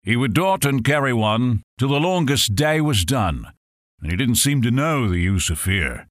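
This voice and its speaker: A man giving a dramatic poetry recitation, swelling loud on the refrains and dropping low on the ends of lines. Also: very animated, unhurried, no room sound, studio quality. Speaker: poetry reader.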